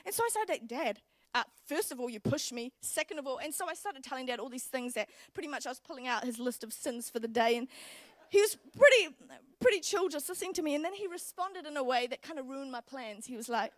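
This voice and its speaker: A young woman preaching in church, telling a personal story in an animated, chatty way before praying and turning to scripture. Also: sits high, brisk, no echo. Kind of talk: storytelling sermon.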